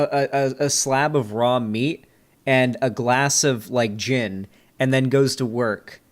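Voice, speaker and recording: Rambling, swearing male streamer. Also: medium pitch. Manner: rambling, joking, heavy on fillers and swearing. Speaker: streamer reviewing a debate. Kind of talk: casual profane reaction commentary.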